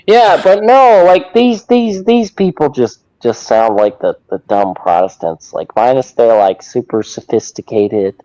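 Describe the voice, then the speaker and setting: A man's voice: lively intonation, measured pace, hardly any pauses, dark tone. A young man hosting a podcast, reacting to a video in casual commentary and mocking preachers with exaggerated voices. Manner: mocking, jumps into high mock-preacher voices. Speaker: podcast host. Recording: dull lo-fi audio.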